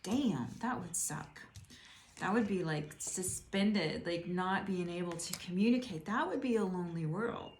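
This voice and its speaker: A woman's voice: fairly low pitch, expressive, unhurried, slight background noise. A middle-aged woman giving a casual tarot reading, musing and rambling as she speaks to the viewer. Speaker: tarot reader. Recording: roomy echo.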